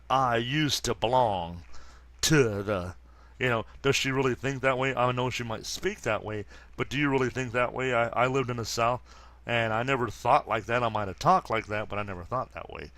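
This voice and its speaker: A man around fifty reading a comic aloud and commenting casually, halting often with fillers and restarts. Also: medium pitch, steady tone, a bit bright, no echo. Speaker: comic book reader and commentator.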